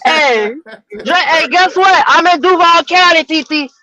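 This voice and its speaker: Rowdy, very high woman caller. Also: lo-fi sound. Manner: rowdy, excited, profane, fast rambling. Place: car, outdoors near smoking area. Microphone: Bluetooth headset.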